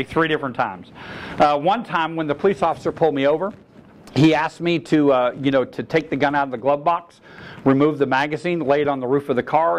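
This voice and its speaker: A man's voice: on the high side, low-quality recording. Middle-aged man lecturing through anecdotes. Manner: storyteller, acts out both sides of dialogue. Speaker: firearms instructor. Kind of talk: seminar lecture with personal anecdotes.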